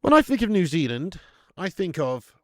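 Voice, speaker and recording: A man's voice: fairly high pitch, sing-song, normal speed, no echo, studio quality. A man hosting a live football watch-along, chatting casually, bantering with viewers and swearing now and then.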